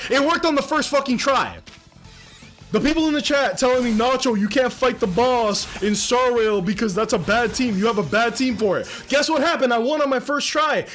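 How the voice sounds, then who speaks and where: A man's voice: very high-pitched, a bit bright. A young adult man streaming live, ranting with heavy profanity. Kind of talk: casual livestream rant.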